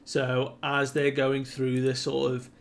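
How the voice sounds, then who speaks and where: A man casually recapping a comic chapter in a relaxed, rambling way with lots of fillers. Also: medium pitch, takes it slowly, vocal fry, slight background noise. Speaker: manga commentator.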